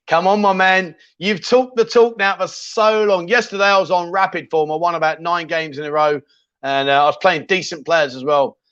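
High-voiced man, chatty livestream host. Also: steady tone, normal speed, a bit bright, smooth, dry recording, muffled recording. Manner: chatty, rambling, jokey, with many ums and restarts. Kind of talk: casual live chat reading viewer comments.

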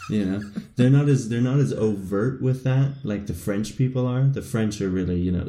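Guy on a podcast, lowish mellow voice, rambles and laughs at himself, echoey room. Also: moderate pace, hardly any pauses, slight background noise. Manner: rambling, self-mocking, laughs often. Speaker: podcast co-host. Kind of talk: casual podcast chat.

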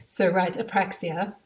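A woman's voice: on the low side, a little mellow, far from the mic. A woman with a South African accent, hosting a podcast as a mother, talking in a chatty way full of asides. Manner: chatty, thinks aloud with frequent asides. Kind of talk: casual podcast monologue.

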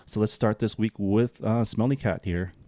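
A man's voice: on the low side, normal speed, mellow, no echo. A man co-hosting a podcast in casual chat, easygoing and laughing often. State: tired. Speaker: podcast co-host.

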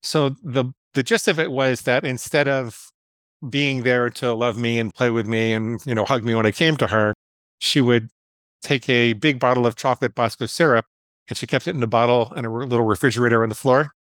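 A man's voice: medium pitch, steady tone, fairly quick, fairly bright tone, no echo. A man, a psychologist guest, telling a personal story in an interview in a candid, self-deprecating way, acting out the voices in his head.

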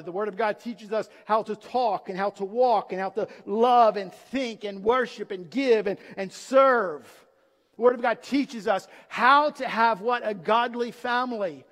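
A man's voice: high voice, fairly bright tone, big-room sound. A man preaching a sermon with emphatic delivery, posing rhetorical questions to his listeners and answering them. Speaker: pastor.

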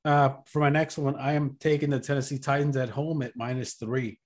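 A man's voice: mid-range voice, level tone, a little fast. A man co-hosting a casual sports betting chat, laid-back and rambling as he explains his reasoning. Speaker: podcast co-host.

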